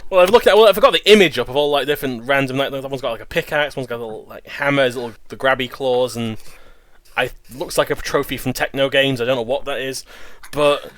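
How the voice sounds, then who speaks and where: A man's voice: mid-range voice, quick pace, a bit bright, no room sound. A man chatting as a guest in a casual group talk, rambling and laughing often. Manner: giggly, rambling. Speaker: podcast guest. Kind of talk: casual chat.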